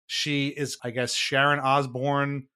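A man's voice: medium pitch, level tone, slow pace, pushed and bright, clean tone. A man co-hosting a podcast, explaining a reality show to his friend in a chatty, wry way, laughing at himself and often restarting his sentences. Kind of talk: casual podcast chat.

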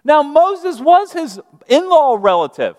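High-voiced preacher in a hall. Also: male voice, sing-song, a little slow. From Birmingham, Alabama. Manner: conversational, asks the congregation questions. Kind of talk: sermon. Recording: reverberant church hall.

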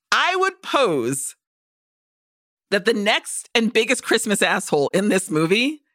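Woman podcast co-host, bright and dry, animated sweary movie rant. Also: mid-range voice, no echo. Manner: animated, profane ranting with acted-out quotes. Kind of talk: casual movie-review chat.

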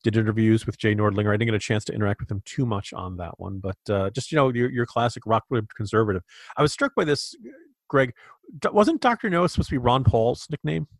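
A man's voice: fairly low pitch, quick pace, no room sound, studio quality. A man co-hosting a podcast, giving opinionated political commentary with frequent restarts. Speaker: podcast co-host.

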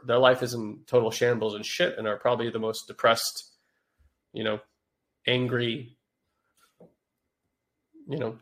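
The speaker is a podcast host whose medium-pitched voice is creaky and a bit bright, stuffed up from a cold. He chats informally with a live chat audience, wandering off topic and using lots of fillers.

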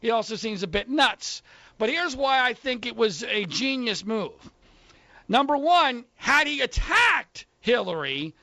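A man's voice: very high voice, sing-song, a little slow, bright, forceful tone, no echo. A man hosting a political radio talk show, opinionated and sarcastic.

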